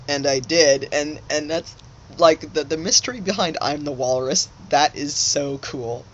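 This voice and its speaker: A man vlogging in a rambling, halting monologue, full of restarts, with frequent laughter. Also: on the high side. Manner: halting, many fillers and restarts, laughs often. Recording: slightly dull home recording with faint hiss.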